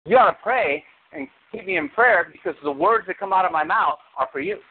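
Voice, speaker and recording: A man preaching a sermon as pastor, animated, with sudden high exclamations. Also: brisk, creaky. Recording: tinny phone-like sound.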